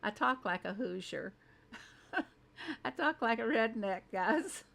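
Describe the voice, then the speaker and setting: A woman from the Southern United States, with a Southern twang, hosts a casual reaction commentary in a high-side, expressive voice that is slow, creaky, and fairly bright. She chats along, laughs often, and tosses in self-deprecating asides.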